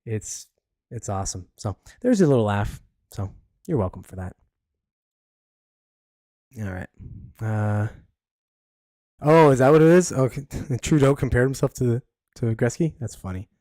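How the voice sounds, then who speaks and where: A man's voice: medium pitch, animated, unhurried, long pauses, warm tone, no echo, clean studio sound. A man hosting a podcast, rambling bluntly with plenty of fillers. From Canada. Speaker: podcast host. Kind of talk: casual solo commentary.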